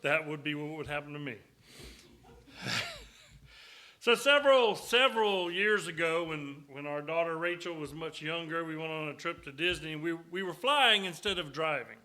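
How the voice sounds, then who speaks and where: Guy preaching, middle-aged, kinda high bright voice, folksy jokey storyteller in church. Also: moderate pace. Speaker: guest preacher. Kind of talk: sermon with storytelling. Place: church sanctuary.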